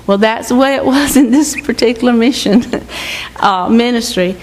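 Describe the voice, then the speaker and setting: A woman's voice: on the high side, moderate pace. An older woman giving an earnest, exhorting church testimony about a mission trip. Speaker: mission team member reporting to her church. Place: church sanctuary. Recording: echoey church hall with faint hiss.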